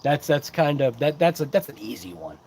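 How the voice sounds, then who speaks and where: A man's voice: mid-range voice, very animated, moderate pace, a little mellow, slight background noise. A man hosting a casual livestream who rambles along and greets chat viewers by name. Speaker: host of a hobby livestream. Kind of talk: casual live-chat unboxing.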